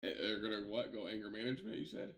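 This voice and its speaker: A man's voice: fairly low pitch, rapid-fire, gravelly, echoey room, a crowd in the background. A man streaming a role-play game, chatting casually, swearing freely and laughing often. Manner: laughs a lot, animated storytelling.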